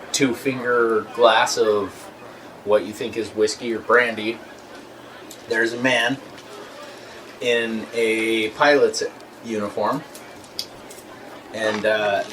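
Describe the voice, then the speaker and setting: A man narrating as game master of a tabletop game, relaxed and full of filler words. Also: lowish voice, far from the mic, a little hiss or hum.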